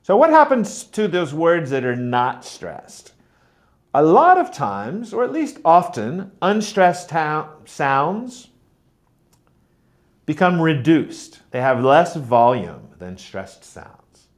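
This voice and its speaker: Slow, lively-voiced man teaching pronunciation. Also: a little high. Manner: slow, deliberate, demonstrating stress patterns aloud. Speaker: teacher trainer.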